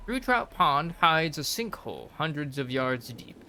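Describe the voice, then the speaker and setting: A man's voice: on the high side, very animated, measured pace, sharp tone, slight background noise. A young man streaming a game, reading lore entries aloud with emphasis and stumbling over odd names. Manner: reads with emphasis, trips over strange names.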